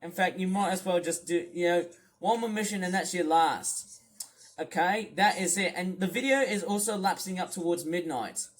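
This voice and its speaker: A man with a high voice on an angry commentary rant. He scolds loudly in some stretches. In others he rambles, repeating words and restarting his sentences. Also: moderate pace. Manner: shouts scolding lines. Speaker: commentary ranter. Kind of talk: angry rant over stream footage.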